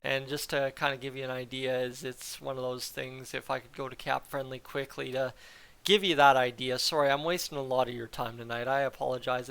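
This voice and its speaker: A man hosting his own hockey video, chatting casually about trades in a rambling, animated, self-deprecating way. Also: medium pitch, clear, resonant tone.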